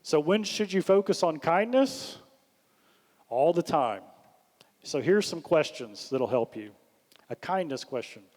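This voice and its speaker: A slightly high-voiced man gives an animated, coaching leadership workshop talk, frequently lifting his voice to perform the questions he suggests. He speaks at a measured pace with long pauses. A big hall's long reverb surrounds the sound.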